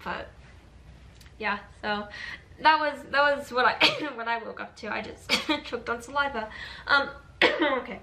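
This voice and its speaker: A woman's voice: on the high side, a little slow, sharp tone, a little hiss or hum. A teenage girl chatting casually in a daily vlog into a handheld camera, rambling with lots of "like". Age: teens. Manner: rambling, fillers of "like", frequent giggles. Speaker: vlogger. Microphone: handheld camera held up close.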